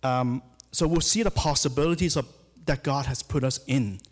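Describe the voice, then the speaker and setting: A man's voice: mid-range voice, normal speed. A middle-aged man, a hospital chaplain giving a sermon in a church, speaking hesitantly with many fillers and restarts. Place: church sanctuary. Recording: long hall reverb.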